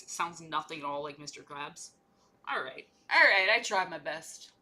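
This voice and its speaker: A woman's voice: deep voice, animated, moderate pace, bright, forceful tone. A young woman chatting casually and playfully while she paints miniatures on a livestream, rambling from one joke to the next.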